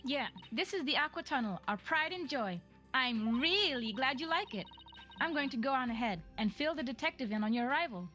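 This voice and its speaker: A woman's voice: high-pitched, lively intonation, fairly quick, pushed and bright, soft background music. A woman voicing a cheerful young aquarium worker who bursts into pirate talk, in a fan voice acting of a game. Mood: friendly.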